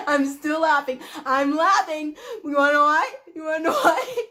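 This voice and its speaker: A woman's voice: high voice, animated, normal speed, fairly bright tone. A woman ranting to camera in an agitated, profane way, swinging between laughter and tears. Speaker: vlogger. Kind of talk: emotional rant to camera.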